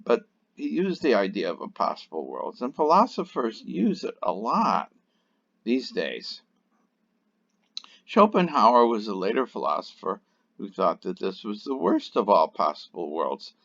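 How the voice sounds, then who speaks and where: Deep-voiced man giving a casual logic lecture. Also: big pitch swings, unhurried, creaky, fairly bright tone, muffled recording. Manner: unscripted explaining with frequent fillers and restarts. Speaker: logic teacher. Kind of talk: recorded online lecture.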